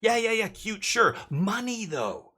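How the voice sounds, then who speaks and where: A man's voice: high voice, big pitch swings, unhurried, sharp tone. Chatty man streaming a card game. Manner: rambling, chatty, jokey asides. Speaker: live streamer. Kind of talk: casual gameplay commentary.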